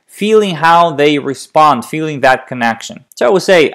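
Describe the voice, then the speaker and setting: A stuttering coach giving an instructional talk, stressing key syllables and demonstrating phrases slowly, one syllable at a time. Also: medium pitch, animated, a bit bright.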